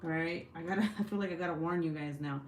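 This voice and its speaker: A woman's voice: deep voice, quick pace. A young woman hosting a casual craft livestream, reading out comments, rambling and swearing casually between laughs. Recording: echoey room with faint hiss.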